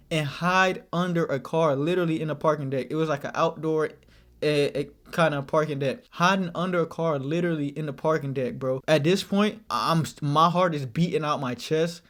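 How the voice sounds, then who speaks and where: A young man vlogger telling a casual story, animated and slang-heavy, often repeating his phrases. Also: on the high side.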